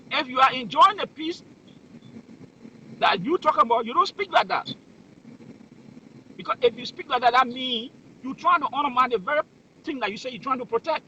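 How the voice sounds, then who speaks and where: Guy ranting about politics, high raspy voice, tons of rhetorical questions, dull muffled audio. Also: bright, forceful tone, slight background noise. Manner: emphatic, fires off rhetorical questions. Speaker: political commentator. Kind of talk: heated political commentary.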